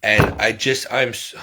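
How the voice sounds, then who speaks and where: A man's voice: lowish voice, bright, forceful tone, slight background noise. A middle-aged man telling a story in a casual vlog, rambling and exasperated, repeating himself as he goes. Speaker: vlogger.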